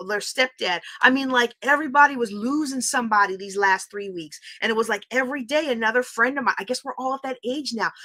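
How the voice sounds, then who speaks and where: A woman's voice: high-pitched, bright, forceful tone. A middle-aged woman, hosting a livestream and candidly telling a personal story with open emotion. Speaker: host. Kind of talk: casual livestream talk.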